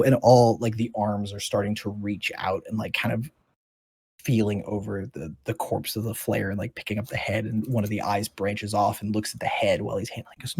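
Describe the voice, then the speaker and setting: A man's voice: on the low side, steady tone, fairly quick, slightly rough. A man acting as dungeon master, narrating a tabletop game in a casual, rambling way. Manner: casual, rambling with many fillers.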